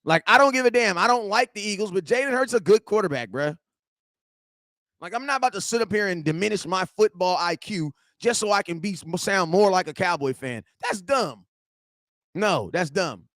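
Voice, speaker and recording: A man hosting a fan reaction stream, ranting in heated, slangy bursts and often shouting. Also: high-pitched, lively intonation, normal speed, no echo, clean studio sound. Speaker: sports fan show host.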